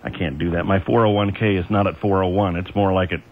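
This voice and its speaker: An overnight radio DJ from Ohio speaks fast in a low, steady voice, chatting folksily with chuckles and asides between oldies in a radio studio. The recording is a tinny AM aircheck with faint music behind him.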